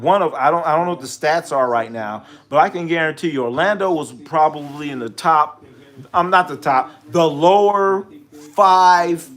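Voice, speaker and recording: A man hosting a casual sports talk show, telling stories with lots of repetition and acting out gruff back-and-forth dialogue. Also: on the high side. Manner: animated storytelling, acts out deals with gruff voices; repeats himself, restarts.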